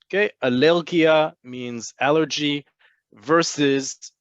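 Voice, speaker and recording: A man's voice: on the high side, clean tone, no room sound. Male teacher, patient and explanatory, dry and slightly dull webinar audio. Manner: patient, explanatory, repeats words slowly for learners. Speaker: Hebrew teacher. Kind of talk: online language lesson. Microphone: computer mic on a video call.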